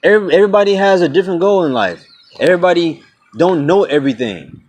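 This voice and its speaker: A man's voice: high-pitched, expressive, fast, a little mellow. A man in his twenties ranting bluntly to his viewers in a casual vlog, swearing freely and calling them "y'all" and "man". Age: 20s. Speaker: vlogger. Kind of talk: casual rant to camera.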